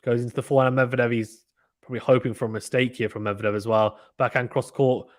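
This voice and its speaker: A man hosting a live tennis watchalong stream, calling play-by-play with animated reactions and reading chat messages. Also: medium pitch. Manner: fast, animated play-by-play, reads chat aloud. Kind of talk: excited casual live commentary.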